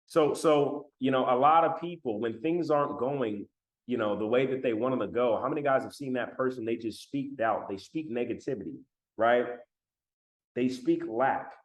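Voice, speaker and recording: A man's voice: medium pitch, normal speed. A man giving a motivational talk on a live stream, emphatic, repeating key lines and calling on viewers in the chat, on a laptop microphone. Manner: emphatic, repeats phrases, addresses chat directly. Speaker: motivational speaker. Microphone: laptop mic.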